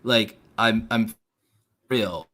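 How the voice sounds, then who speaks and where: A man hosting a casual podcast with a fairly low voice. He talks in long, winding runs packed with "like" and "um", and turns sarcastic to make a point. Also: drawn-out words, bright, forceful tone. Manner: rambling, sarcastic, filler-heavy. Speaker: podcast host.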